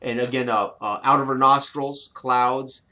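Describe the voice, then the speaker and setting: A man running a tabletop game as game master, narrating with halting pauses and fillers. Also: medium pitch, steady tone, bright, forceful tone. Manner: halting, many fillers and restarts while narrating.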